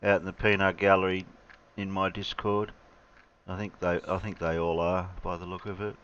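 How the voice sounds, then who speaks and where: Australian man hosting, bright and muffled. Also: sits low, flat delivery, normal speed, slight background noise. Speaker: livestream host. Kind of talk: casual livestream chat.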